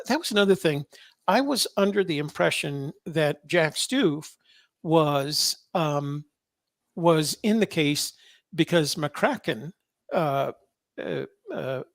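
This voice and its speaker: A man hosting a podcast, reading court filings aloud with wry, sarcastic asides and many halting fillers. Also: fairly high pitch, no room sound, clean studio sound. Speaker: podcast host.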